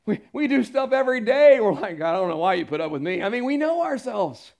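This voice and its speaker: A man preaches from the pulpit with a high, ringing voice. He drives points home with loud, drawn-out declarations, then drops to quiet, confiding asides to the congregation. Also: big pitch swings, vocal fry. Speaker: pastor. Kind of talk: sermon. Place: church sanctuary.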